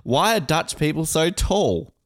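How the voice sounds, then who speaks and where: A male podcast co-host chatting casually with friends. His pitch rises and falls a lot, and he slips easily into playful joking. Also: animated, a little slow. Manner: jokey, puts on silly high voices. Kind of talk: casual chat.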